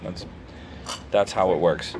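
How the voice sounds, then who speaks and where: A man's voice: deep voice, fairly even intonation, takes it slowly, gravelly, over a noisy crowd. A man co-hosting a casual, profane chat in the back of a bar, rambling with stammered restarts. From New York. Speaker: podcast co-host.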